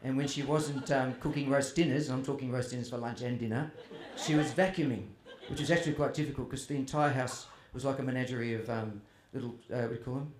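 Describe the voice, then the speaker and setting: A man's voice: medium pitch, fairly even intonation, fast talker, hardly any pauses. A man telling humorous stories about his family to a festival audience, chatty and self-deprecating. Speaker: author speaking at a festival. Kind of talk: humorous storytelling to a live audience. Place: festival tent or hall with audience. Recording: roomy hall with faint ambience.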